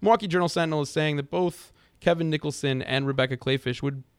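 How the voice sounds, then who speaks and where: A man's voice: fairly high pitch, fast talker, clean tone, no room sound. A man co-hosting a political call-in show, rambling with frequent restarts. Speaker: radio talk show co-host. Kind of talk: casual political call-in talk.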